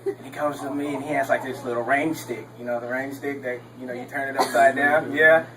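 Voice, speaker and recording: A man's voice: mid-range voice, steady tone, fairly quick, recorded from a distance, noisy background. A young man from Texas doing a stand-up comedy set on a club stage, rambling with lots of ums and laughing at his own jokes.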